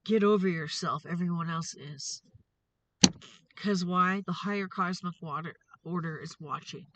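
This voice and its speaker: A woman's voice: lowish voice, unhurried, very noisy. A woman hosting a tarot reading vlog, ranting in an angry, profane, confrontational way. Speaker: tarot reader and show host.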